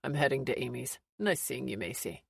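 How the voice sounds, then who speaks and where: A man's voice: medium pitch, expressive, fairly quick, gravelly, husky, dry recording, clean studio sound, pitched below the performer's own voice, heavily acted. A woman voicing a cocky, lazy teenage older brother with a growly, teasing drawl.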